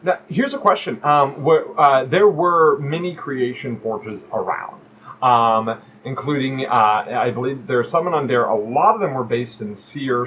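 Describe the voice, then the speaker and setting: A man's voice: mid-range voice, a bit bright, highs cut off, a little hiss or hum. A man running a tabletop actual play as game master, upbeat and joking, rambling with fillers.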